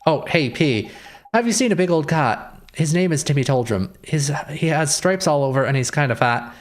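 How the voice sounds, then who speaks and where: A man's voice: a little high, lively intonation, moderate pace, close to an everyday voice. A man reading the lines of an earnest young boy hero in his own everyday voice. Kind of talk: reading game dialogue aloud.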